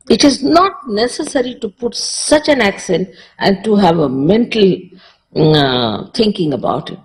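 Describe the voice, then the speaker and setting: A woman's voice: mid-range voice, low-quality recording. A woman from India with an Indian accent, speaking as a spiritual teacher in a public lecture, conversational and repeating short phrases for emphasis.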